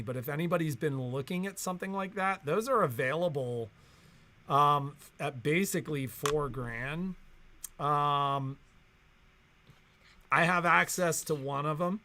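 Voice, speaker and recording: Man, shop co-host, slow rambling casual talk, full of fillers, bright voice. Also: on the high side.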